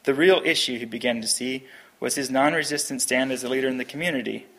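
A man's voice: mid-range voice, fast, fairly bright tone. A man reading a Christian story aloud in an earnest, plain storytelling manner, then chatting about it. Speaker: reader.

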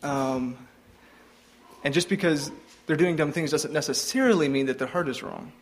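A man's voice: on the high side, moderate pace. A younger man giving an informal devotional talk, hesitant, with frequent ums and restarts.

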